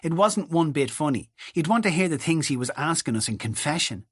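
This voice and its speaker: Brief: man doing a quick-tongued, scoffing teen girl, pitched up, for a storybook read. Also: big pitch swings, husky, dry recording, studio quality. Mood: scornful. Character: sardonic teenage Irish girl, mocking her dad.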